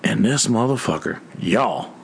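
A man's voice: fairly low pitch, expressive, measured pace, breathy edge. A man, a musician telling a story to his viewers in a casual, blunt and profane way, raising his voice to quote people. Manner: profane, blunt, quoting others in a raised voice. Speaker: musician in a two-piece band.

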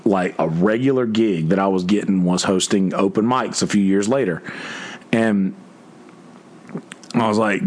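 Low-voiced guy ranting on his stream, cussing, tripping over his words, rambly. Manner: many restarts and filler words. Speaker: musician. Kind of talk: casual livestream chat.

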